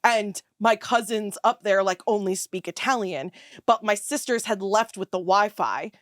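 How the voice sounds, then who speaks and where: A woman's voice: medium pitch, normal speed, no echo, studio quality. A woman guest in casual chat, bubbly and laughing often. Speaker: podcast guest.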